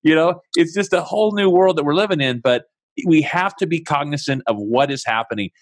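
A man's voice: fairly high pitch, fairly quick. A man hosting a conversational interview. He sounds enthusiastic as he prompts his guest with questions and asks him to tell stories.

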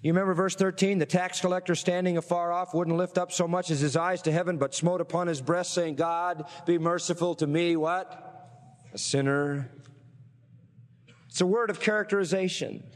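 A man preaching a sermon, reading scripture aloud and pausing to quiz his listeners with rhetorical questions. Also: sits high, fairly even intonation, big-room sound. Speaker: pastor.

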